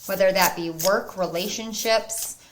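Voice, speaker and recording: In this clip, a woman offers her viewers a spiritual pick-a-card tarot reading, sounding earnest and encouraging and sometimes bursting with excitement. Her voice sits in the mid range and moves a little slowly, with noise in the background.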